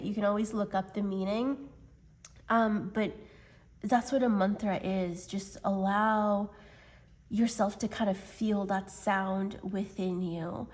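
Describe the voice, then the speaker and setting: Slow, hesitant woman tarot reader. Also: medium pitch. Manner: gentle, hesitant, many pauses and fillers. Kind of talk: unscripted spiritual reading.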